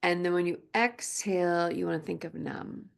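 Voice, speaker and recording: Woman, yoga teacher, soft-spoken, low voice, slight vocal fry. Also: steady tone. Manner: slow, soft-spoken, drifts into quiet chanting. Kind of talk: gentle guided class teaching.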